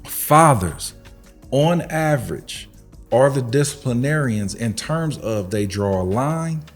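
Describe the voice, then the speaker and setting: A man's voice: mid-range voice, expressive, takes it slowly, faint music behind. A man co-hosting a podcast, making emphatic, preachy points in casual chat. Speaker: podcast co-host.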